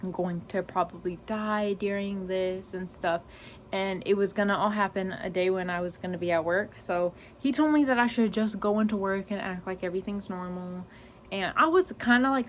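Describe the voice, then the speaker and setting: A woman's voice: mid-range voice, slight background noise. A young woman telling a personal story to her channel, rambling and filling every gap with "like" and "you know", close to tears. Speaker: vlogger. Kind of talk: storytime vlog.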